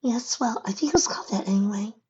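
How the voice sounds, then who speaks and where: A woman's voice: fairly high pitch, fast, dark tone, highs cut off, a little hiss or hum, pitched above the performer's own voice, lightly acted. A woman voicing a frightened, earnest young filly pony in a storybook reading. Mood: curious.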